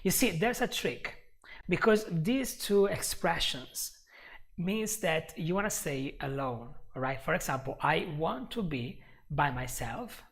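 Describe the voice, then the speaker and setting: A man's voice: on the high side, vocal fry, a bit bright. A man teaching a live online English lesson, often repeating himself and checking in with "right?".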